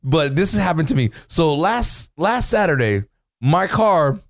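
A man's voice: a little high, very animated, a little slow, no room sound. A man co-hosting a radio show, joking and telling rambling stories into a studio microphone. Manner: joking, storytelling, laughs often. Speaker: co-host. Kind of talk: casual radio banter.

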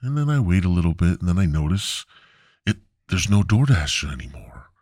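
A man with a very deep, husky voice rants through a comedic story, swearing constantly. His pitch swings widely as he plays up mock outrage. The recording is dry and close. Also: very animated, fairly quick, darkish tone, no room sound. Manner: profane, heavy swearing. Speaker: podcast host.

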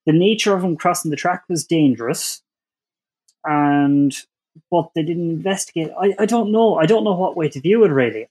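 A man with a fairly high, husky voice speaks on a casual panel. He walks through the facts step by step, with some hesitation over his final view. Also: a little mellow. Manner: measured, detail-focused, hesitant.

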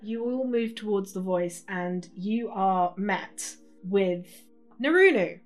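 A woman's voice: medium pitch, animated, takes it slowly. Woman GM, casual narration, mid-range voice, light music bed. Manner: casual, swears, restarts mid-sentence. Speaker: game master. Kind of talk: narrating a tabletop game.

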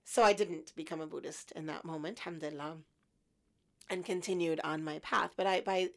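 Woman in her fifties telling her story, gravelly low voice, gets lively quoting herself. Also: fairly quick. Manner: reflective, animated in quoted thoughts. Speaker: guest. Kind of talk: storytelling in an interview.

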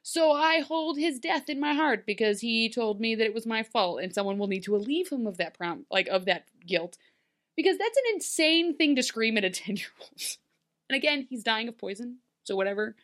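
An animated woman in her thirties chats casually as a co-host. She acts out scenes in playful voices and laughs often as she goes. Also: fairly high pitch, normal speed. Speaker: podcast co-host. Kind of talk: casual recap chat.

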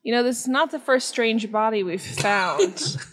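A woman's voice: a little high, expressive, unhurried, a little hiss or hum. A woman playing a tabletop game in a joking, playful way. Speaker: player. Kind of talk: casual tabletop play.

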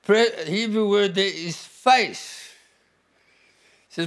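Male preacher, high-pitched, conversational sermon delivery with emphatic declarations. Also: slow, fairly bright tone.

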